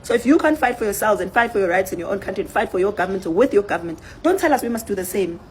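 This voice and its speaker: Fast, forceful woman ranting. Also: mid-range voice, lively intonation, a little hiss or hum. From South Africa. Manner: forceful, accusatory, repeats points for emphasis. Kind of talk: impassioned rant to camera.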